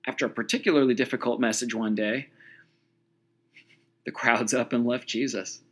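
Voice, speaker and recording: Male preacher, husky, mid-pitched, animated storytelling sermon. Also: normal speed, long pauses.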